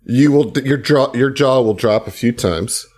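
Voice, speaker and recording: A man's voice: medium pitch, moderate pace, darkish tone. A man in casual podcast chat, telling a long enthusiastic story with lots of fillers and restarts. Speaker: podcast host and player.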